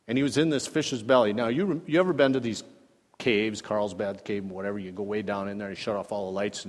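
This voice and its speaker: A man preaching a sermon in a conversational teaching style, reading scripture aloud, asking his listeners questions and swinging between soft asides and emphatic rises. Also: mid-range voice. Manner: wide swings in loudness, dropping soft then rising emphatic. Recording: long hall reverb.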